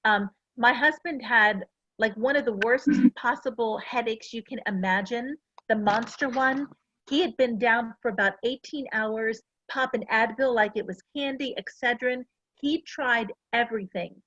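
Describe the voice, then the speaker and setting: A woman's voice: fairly high pitch, normal speed, a bit bright, dry recording, lo-fi sound. A middle-aged woman giving a casual, earnest talk to a class, full of personal stories. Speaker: essential oils presenter.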